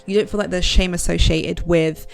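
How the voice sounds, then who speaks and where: A woman's voice: lowish voice, steady tone, moderate pace, gravelly, soft background music. A woman giving frank, direct motivational advice to her viewers in a casual vlog. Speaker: self-help vlogger. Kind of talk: motivational talk to camera.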